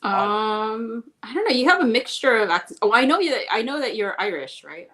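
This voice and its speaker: A woman's voice: a little high, sing-song, normal speed, sharp tone. A woman chatting casually on a stream, rambling and giggling as she talks. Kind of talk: casual chat.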